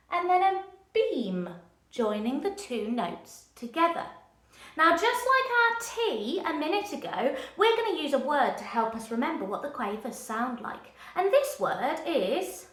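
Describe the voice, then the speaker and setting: Heard in an echoey room with a screen behind her, a primary school music teacher chants clap-along rhythms and encourages her young class. Her voice is high-pitched and a bit bright.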